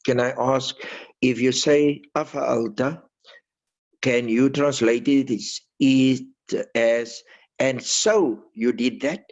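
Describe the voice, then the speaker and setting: A male student on an online class politely asks the teacher to confirm his reading of a point. His voice is mid-pitched. The audio is dull and lo-fi, like a video call. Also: fairly even intonation, slow, a little mellow. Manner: polite, checks his understanding.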